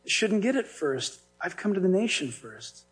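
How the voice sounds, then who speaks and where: A man voicing Jesus as a calm, gentle teacher in a sermon retelling. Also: high voice, a little slow, soft background music.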